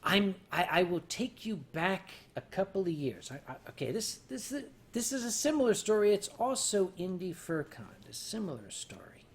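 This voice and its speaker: An older man hosting a livestream, rambling through stories to his chat while drinking, mocking himself and turning loud on the punchlines. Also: high-pitched, sing-song, normal speed, hardly any pauses, a little hiss or hum. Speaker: livestream host. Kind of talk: casual storytelling to a chat.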